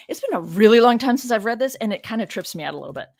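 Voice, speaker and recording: A woman's voice: a little high, animated, rapid-fire, gravelly, no echo. Woman scholar reading bible passages at home, chatty asides, keeps asking the listener questions, dry close sound. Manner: chatty and digressive, with frank asides and rhetorical questions. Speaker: biblical scholar and teacher. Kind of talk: casual scripture reading with commentary.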